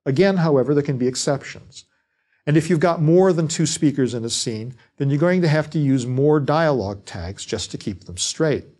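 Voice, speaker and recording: A man giving a scripted lecture on fiction writing, speaking in a measured, deliberate way. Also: fairly high pitch, expressive, darkish tone.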